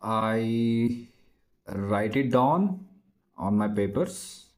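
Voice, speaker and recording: Mellow-voiced man, halting and searching. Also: fairly low pitch, low-quality recording. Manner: halting, searching for words, many restarts. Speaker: English learner practicing speaking. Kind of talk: spoken practice conversation.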